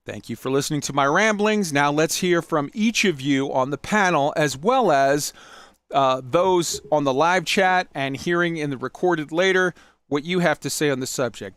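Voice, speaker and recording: A man with a fairly high voice hosts a podcast panel, reading his prepared views in an earnest, speechlike way. The sound is close and dry, with no room around it. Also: a bit bright, smooth, no echo. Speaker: podcast host. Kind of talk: reading a prepared opinion piece, then moderating a panel.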